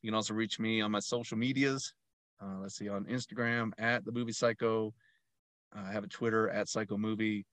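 A man's voice: fairly low pitch, fairly even intonation, fairly quick, a bit bright, dry recording. Self-deprecating man, laughing podcast guest. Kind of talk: casual podcast chat.

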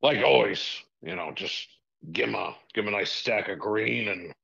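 A man doing an impression of a boastful, sleazy older wrestling boss, rambling and brash with a gravelly voice. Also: fairly low pitch, expressive, fairly bright tone, lo-fi sound, heavily acted. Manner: brash, rambling with drawn-out filler sounds.

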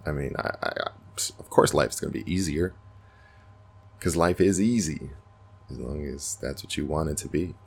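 A man with an extremely deep voice and a gravelly, fry-heavy edge hosts a podcast. He muses in an earnest, reflective way, as if thinking aloud in a casual spiritual monologue. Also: fairly quick. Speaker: podcast host.

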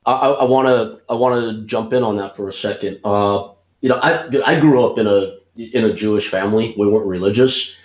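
A man hosting an interview, speaking in a casual, halting way with frequent stammers and restarts. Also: fairly low pitch, darkish tone, lo-fi sound. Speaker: interviewer, podcast host.

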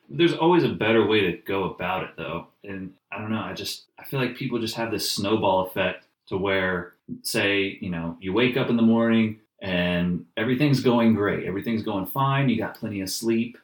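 A man chatting casually on a podcast, telling animated stories and mimicking angry people. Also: fairly low pitch, normal speed. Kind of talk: casual chat. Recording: roomy echo.

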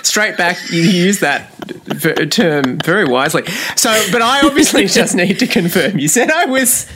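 A man's voice: high voice, lively intonation, moderate pace, noisy background. Laughing, self-mocking man in chat. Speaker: podcast co-host. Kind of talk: casual chat.

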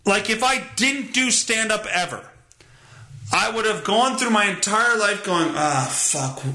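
Hosting his own podcast alone, this young man speaks high-pitched and a little slow, his tone pushed and bright. The monologue is loose and rambling, full of swearing and jokes at his own expense.

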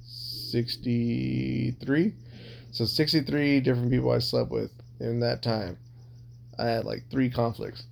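A man's voice: medium pitch, level tone, slow, gravelly, a little mellow, a little hiss or hum. A man telling personal stories in a casual podcast chat, rambling, blunt and full of swearing. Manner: rambling, heavily profane, blunt. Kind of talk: casual confessional storytelling.

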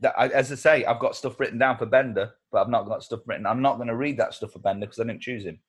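A man's voice: medium pitch, fast talker, husky. A man co-hosting a podcast in casual chat, who laughs easily and talks with animation. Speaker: podcast co-host.

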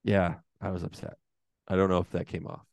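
A man's voice: sits low, completely flat delivery, fairly quick, creaky, darkish tone, no echo. A man co-hosting a casual podcast, ranting heatedly and swearing often. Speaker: podcast co-host.

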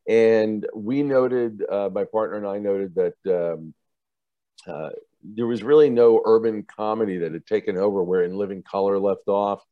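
With a fairly low pitch and normal speed, this man, a TV producer, relaxes into an interview and recounts career anecdotes, animatedly imitating the people in them and laughing a lot. There's no room sound, and the audio is narrow and tinny.

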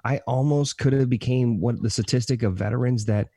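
A man's voice: mid-range voice, fairly even intonation, brisk, warm tone, dry recording, clean studio sound. A man speaking earnestly on a podcast, telling a personal story with emphatic repetition of key phrases. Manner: self-described positive motivational talker.

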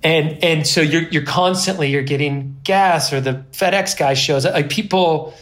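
A man in his thirties, a guest on an interview podcast, telling a personal story in a rambling, self-deprecating way with lively quoted asides. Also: on the high side, moderate pace. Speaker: guest, pro snowboarder.

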